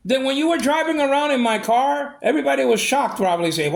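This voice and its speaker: A man vents in a long, aggrieved monologue and circles back to the same complaints. His voice is gravelly, and his pitch swings widely from high to low. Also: sing-song, fairly quick. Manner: aggrieved, repetitive, ranting. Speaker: vlogger. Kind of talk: ranting monologue.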